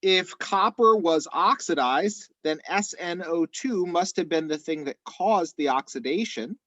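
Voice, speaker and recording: Man, slightly hoarse, chemistry instructor, methodical, fairly high voice, dry muffled call audio. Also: expressive, measured pace, a bit bright, no echo. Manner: explains step by step, methodical. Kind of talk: online class review.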